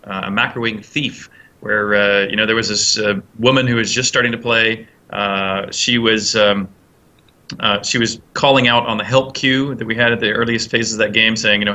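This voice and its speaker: A man's voice: fairly low pitch, steady tone, moderate pace, pushed and bright. A man, a game designer, answering interview questions and telling a long anecdote with many fillers and restarts. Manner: rambling, many fillers and restarts, acts out quotes.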